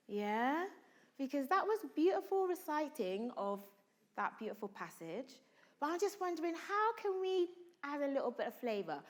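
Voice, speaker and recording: A woman's voice: high voice, normal speed. A woman actor leading a drama workshop, coaching students and calling out questions to a room full of people. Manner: animated, calls out to the room, asks questions. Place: large room with a live audience.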